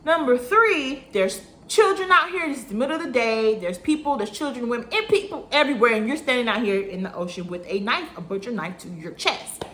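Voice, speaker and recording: A woman in her thirties from Florida, casually telling a workplace story and acting out the dialogue with animated bursts. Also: a little high, brisk, hardly any pauses. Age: 30s.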